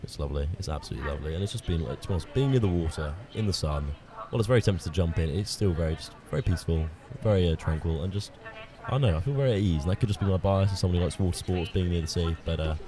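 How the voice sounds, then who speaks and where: A man's voice: deep voice, expressive, very fast. A young man co-commentating at an outdoor rowing regatta, rambling with many fillers. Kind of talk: casual live commentary. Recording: outdoor mic with clear crowd noise.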